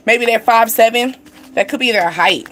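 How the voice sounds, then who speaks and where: Young woman, tarot reader, loose chatty delivery, voice sitting a touch high. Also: normal speed, a bit bright. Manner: rambling, chatty, heavy use of "like" and "you know". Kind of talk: casual spiritual reading to camera.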